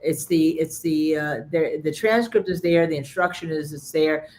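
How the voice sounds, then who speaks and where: A woman's voice: low-pitched, moderate pace, a little mellow. A woman co-hosting a casual chat about a court trial, speaking emphatically and restarting her sentences often. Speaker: legal commentator co-host.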